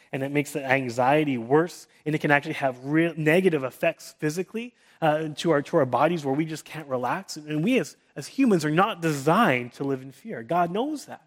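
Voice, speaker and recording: Earnest male pastor in his thirties, sermon delivery, a touch high-pitched, sinks to a gentle hush when reassuring. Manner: earnest, with frequent restarts; drops to a soft hush for comforting quotes.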